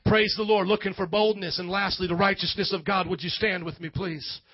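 Male pastor, Southern twang, high-pitched, fiery shouting preacher; dry, dull, muffled sermon recording. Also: fairly even intonation, fairly quick, no room sound.

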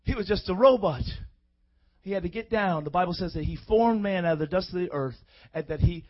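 High-pitched guy preaching in church, quiet then shouting, muffled lo-fi sound. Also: brisk. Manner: call-and-response preaching, swings from quiet to shouting. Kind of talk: sermon. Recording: dull lo-fi recording.

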